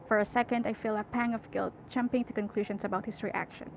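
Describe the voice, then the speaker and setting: A young woman reads a novel aloud at a middle pitch and often catches her own slips. She breaks off into chatty, emotional asides, with a faint ambient hiss behind her. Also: fairly even intonation, quick pace, gravelly, few pauses, poor audio. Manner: emotional, self-correcting, chatty. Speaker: audiobook reader.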